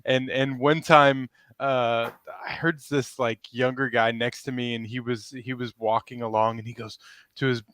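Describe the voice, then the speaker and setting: A man's voice: mid-range voice, level tone, normal speed, fairly bright tone, no room sound. A man in his forties telling stories in a casual podcast chat, rambling and laughing often. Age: 40s. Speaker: podcast co-host.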